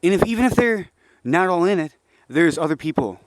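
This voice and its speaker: A young man in a rambling, profane monologue, agitated and preachy, dropping to low, frustrated mutters. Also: lively intonation, brisk, heavy background noise. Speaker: vlogger.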